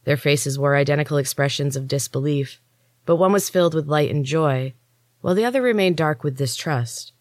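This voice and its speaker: A woman's voice: deep voice, a little fast, dry recording. Woman reading a story aloud. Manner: steady, expressive first-person reading. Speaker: storyteller and author. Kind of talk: scripted audiobook narration.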